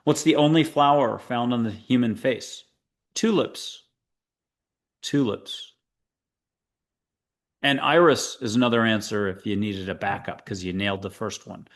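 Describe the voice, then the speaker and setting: A man's voice: fairly low pitch, fairly quick, few pauses. A man from the United States hosting a spiritual talk show, speaking casually to the camera in a rambling, digressive way with playful asides and dad jokes. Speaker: show host.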